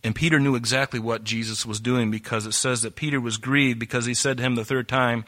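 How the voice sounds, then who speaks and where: A pastor preaching an earnest sermon, often repeating words and acting out Bible dialogue. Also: male voice, medium pitch, steady tone, fairly quick, bright, forceful tone.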